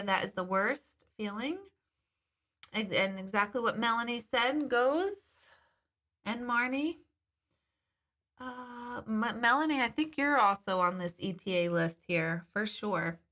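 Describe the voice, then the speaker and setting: A woman's voice: fairly high pitch, animated, measured pace, long pauses, fairly bright tone. A middle-aged woman hosting a casual live stream, chatting candidly and reading viewer comments, with the occasional swear word.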